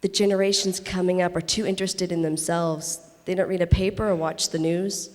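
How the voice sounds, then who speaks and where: A woman's voice: fairly low pitch, fairly even intonation, brisk, close to an everyday voice. A woman reading a monologue aloud, voicing a blunt, opinionated Israeli woman veteran who lectures with rhetorical questions. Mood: insistent. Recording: reverberant convention hall.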